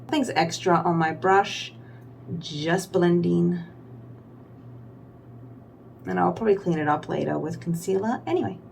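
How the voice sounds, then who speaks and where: A young woman with a lowish, gravelly voice chats through her makeup routine in a loose, rambling way, full of "like" and small self-mocking asides. A faint hum sits under the recording. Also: unhurried, pauses often, a little mellow. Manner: rambling, filler-heavy, self-deprecating. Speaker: beauty vlogger. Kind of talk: casual makeup tutorial chat.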